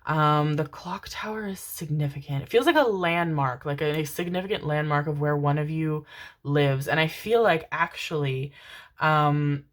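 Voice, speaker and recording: A woman's voice: low-pitched, normal speed. A woman giving a casual tarot reading to camera, gushing and affectionate, swearing freely and calling her viewers darlings. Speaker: tarot reader.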